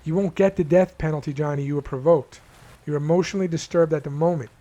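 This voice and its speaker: A man reading aloud the lines of a calm, steady police detective from a game, speaking reassuringly. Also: a little high, fast talker, dull audio, natural voice.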